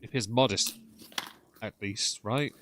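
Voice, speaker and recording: A man's voice: on the low side, takes it slowly, background noise. A man hosting a casual live stream, chatting and thanking viewers for their messages. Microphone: desk mic with headphones.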